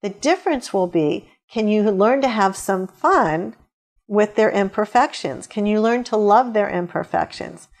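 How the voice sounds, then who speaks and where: A woman's voice: medium pitch, lively intonation, a little slow. A middle-aged woman answering interview questions with upbeat, storytelling advice. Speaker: guest author.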